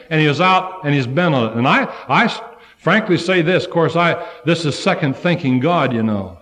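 Male preacher with a fairly high voice, fervent sermon delivery that rises to cries and drops to hushed tones. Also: expressive, moderate pace. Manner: fervent preaching that swings from loud cries to low, hushed passages.

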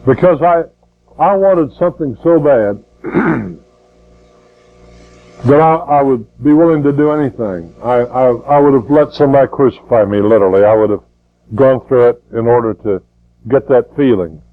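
A man's voice: mid-range voice, normal speed, phone-quality sound. An older man preaching a sermon in a folksy way, repeating words and rising to fervent emphasis.

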